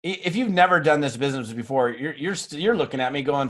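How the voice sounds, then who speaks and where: Animated middle-aged man coaching a sales team. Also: mid-range voice, fast talker. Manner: animated storyteller acting out dialogue, jokey asides; self-mocking humor. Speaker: network marketing trainer. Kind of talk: motivational team training talk.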